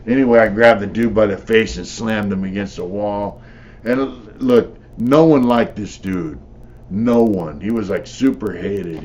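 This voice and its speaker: A man's voice: lowish voice, a little mellow, muffled recording. An older man, a former prisoner, telling his stories in a blunt, profane, rambling way with lots of "you know.". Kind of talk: casual storytelling.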